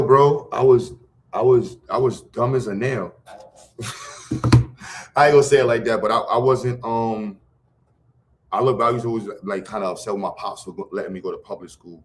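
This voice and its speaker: A man's voice: on the low side, a little fast, slight background noise. A middle-aged man, talking casually and loosely in slang, full of restarts, as a guest on a livestream. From Brooklyn, New York. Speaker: guest, educator running a program.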